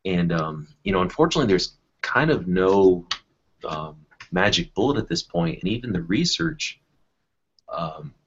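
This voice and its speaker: A man with a very low, husky voice talks things through slowly, full of fillers and small restarts. The sound is dull and lo-fi, like an online call. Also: big pitch swings. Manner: thoughtful, many fillers and restarts. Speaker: educator in a panel discussion. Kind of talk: casual discussion.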